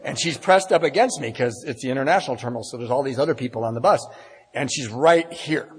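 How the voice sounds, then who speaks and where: A man's voice: mid-range voice, fast. A middle-aged man giving a personal recovery talk at a meeting, telling his story with self-mocking humor and acting out the dialogue. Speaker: AA speaker. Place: meeting hall. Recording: husky voice in a long-reverb hall.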